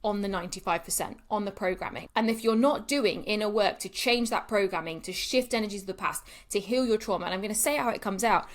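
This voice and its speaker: A woman's voice: medium pitch, fast, few pauses. A woman, a coach speaking to camera in a candid, emphatic monologue that swears freely and repeats for effect.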